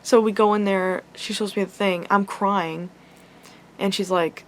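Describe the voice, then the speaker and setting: A woman's voice: mid-range voice, fairly even intonation, measured pace, slight background noise. A young woman vlogger telling an upsetting story in a casual, rambling way, full of "like" and swearing. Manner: rambling, heavy use of "like" and swearing; emotional, upset retelling.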